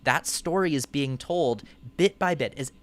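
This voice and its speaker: A man's voice: on the high side, a little slow. A man co-hosting a casual film podcast who gushes with praise. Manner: effusive, gushing praise. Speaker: podcast co-host.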